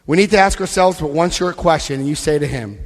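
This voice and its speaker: Talking fast in a fairly high voice, a man from Florida addresses a recovery convention crowd in a big hall, walking them through pages of a book. He is emphatic and direct, frequently asking "Okay?", and the live recording carries a long hall reverb.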